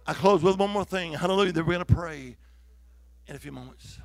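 A man's voice: on the high side, fairly quick, vocal fry, no echo. A man preaching a revival sermon, exhorting the congregation with fervent calls of hallelujah.

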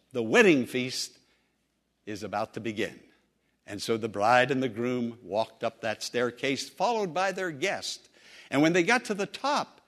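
A male preacher telling a story in a sermon, earnest and emphatic, drawing out key phrases slowly. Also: mid-range voice, fairly bright tone.

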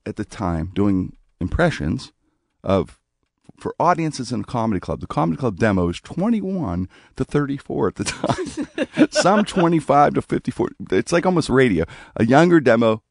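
Man, low gravelly voice, dry close sound, rambling casual storytelling. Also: no echo. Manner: rambling, animated anecdote with restarts. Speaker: comedian telling a story.

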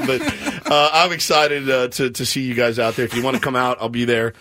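A man hosting a morning sports radio show, telling stories in an animated, rambling way and laughing often. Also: mid-range voice, fairly quick, few pauses, background noise. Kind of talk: casual morning radio chat.

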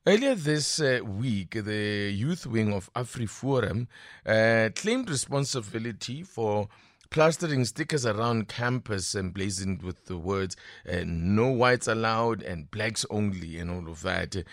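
A man's voice: lowish voice, lively intonation, a little slow, dry recording, studio quality. A man with a South African accent hosting a breakfast radio interview, asking probing, conversational questions. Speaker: radio host.

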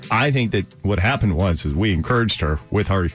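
Male morning-radio host, low voice, news-reader patter over a faint music bed. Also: animated, a little fast. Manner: reads news items aloud with small stumbles. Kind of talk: casual radio banter, reading news stories.

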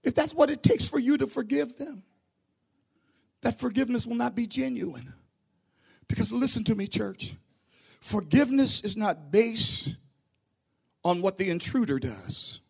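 High-voiced preaching man, shouting. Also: gravelly, husky. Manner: preaching with sudden shouts and hushed drops. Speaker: pastor. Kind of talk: sermon.

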